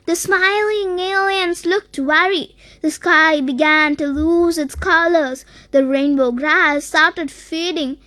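Sing-song children's story narrator, very high and unhurried, dry close sound. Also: steady tone, bright, forceful tone, dry recording.

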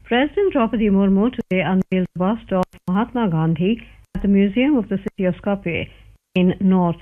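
A newsreader reads a scripted bulletin in a measured, formal manner. The voice sits at a middle pitch. It comes through a narrow, boxy radio broadcast with the lows and highs cut away. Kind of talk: scripted news bulletin reading.

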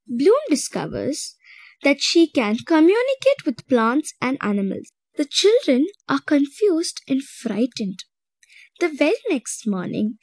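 A woman narrating a children's storybook in an expressive storytelling manner. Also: fairly high pitch, no room sound.

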